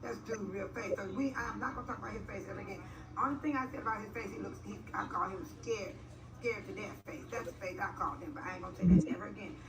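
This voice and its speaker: A woman's voice: medium pitch, quick pace, noisy background. Woman chatting far from an echoey mic. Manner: chatty, repeats herself, laughs. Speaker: livestream host. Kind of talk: casual live chat with viewers.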